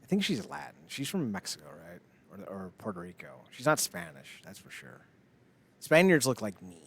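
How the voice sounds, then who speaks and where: A man's voice: medium pitch, big pitch swings, moderate pace, vocal fry, fairly bright tone, husky. A man co-hosting a podcast, chatting in a rambling, jokey way and laughing often. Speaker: podcast co-host. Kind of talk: casual chat.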